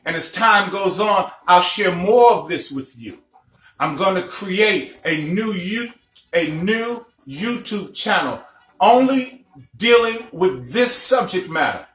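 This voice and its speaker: Middle-aged male teacher from Illinois, emphatic storyteller, unhurried delivery, echoey room with faint music. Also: high-pitched, lively intonation, fairly bright tone. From Illinois, USA. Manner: emphatic storyteller, checks in with listeners. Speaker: spiritual teacher. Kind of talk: recorded lecture broadcast.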